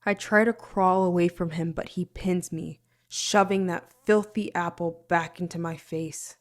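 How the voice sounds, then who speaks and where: A woman reading a fantasy novel aloud in the first person, expressive, sometimes dropping to a near-whisper. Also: lowish voice, measured pace. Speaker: audiobook narrator.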